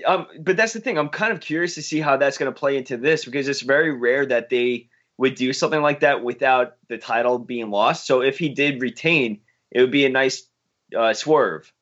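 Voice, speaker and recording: A man's voice: medium pitch, normal speed, fairly bright tone. A man co-hosting a casual podcast, speaking hesitantly and restarting his sentences. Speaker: podcast co-host. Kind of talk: casual chat. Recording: slightly dull lo-fi sound.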